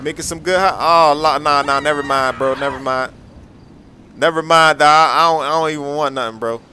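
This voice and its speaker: A young man giving casual, excitable game commentary, full of slang and repeated reactions. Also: on the high side, normal speed, slight background noise. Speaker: gameplay commentator.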